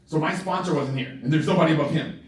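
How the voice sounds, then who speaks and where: A man giving a live sales training talk to a group, animated, laughing often and checking in with his listeners. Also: fairly high pitch, fast, a little hiss or hum. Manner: animated, keeps checking in with the audience; laughs often while talking. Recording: very echoey room, far from the mic.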